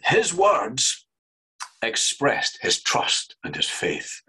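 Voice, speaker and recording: Husky earnest preacher, man. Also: huge pitch swings, sharp tone, low-quality recording. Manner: earnest, rising to fervent emphasis then dropping low and slow. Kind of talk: sermon.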